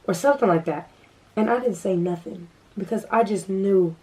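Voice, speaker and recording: A woman's voice: mid-range voice, moderate pace, mellow, distant mic, rough recording. A young woman vlogger telling a story in casual chat, full of fillers and restarts.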